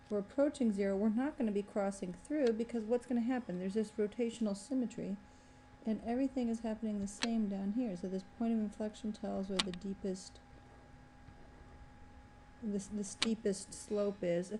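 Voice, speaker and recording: A woman's voice: medium pitch, dark tone, a little hiss or hum. A woman math professor giving a recorded exam review, thinking aloud and pointing at a graph as she works through the problem.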